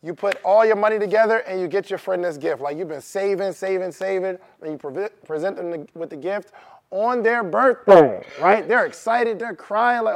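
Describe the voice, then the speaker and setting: Speaking in a high voice at a moderate pace, a male motivational speaker addresses a live audience in a room, questioning them and restating his key ideas.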